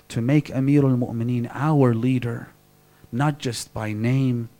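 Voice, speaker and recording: A man's voice: mid-range voice, a little mellow. A man giving a religious sermon, telling a story with dramatic shifts in intensity and acting out the quotes. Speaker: preacher. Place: mosque lecture hall.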